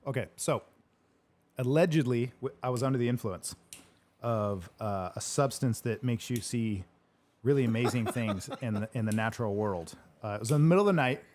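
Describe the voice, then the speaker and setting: A man's voice: medium pitch, moderate pace, darkish tone, slight background noise. A man hosting a casual question-and-answer chat, rambling through a story, laughing often and swearing casually. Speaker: host answering live questions.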